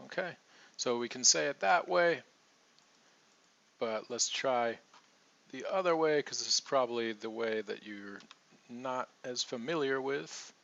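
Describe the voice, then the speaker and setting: A man's voice: mid-range voice, unhurried, creaky, a bit bright, lo-fi sound. A man teaching pronunciation, patiently repeating example sentences. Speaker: accent coach. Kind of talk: relaxed teaching monologue.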